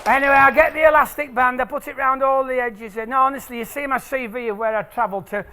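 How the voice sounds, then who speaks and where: A man's voice: extremely high pitch, steady tone, quick pace, background noise. A man from England, presenting a jokey maths show to a family audience in a lecture hall. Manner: playful, jokey, teasing the crowd. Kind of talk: lively talk to a family audience.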